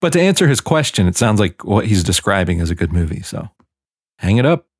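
Male podcast co-host, low and lively, casual banter over a video call, dry mic. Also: fairly quick, husky, no echo. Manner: animated, jumps pitch when excited. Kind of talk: casual chat.

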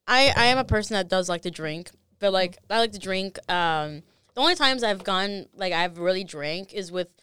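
A woman's voice: mid-range voice, expressive, normal speed, fairly bright tone, clear, resonant tone. A young woman co-hosting a podcast, chatting frankly and swearing freely, with many "like"s. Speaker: podcast co-host. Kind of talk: casual chat.

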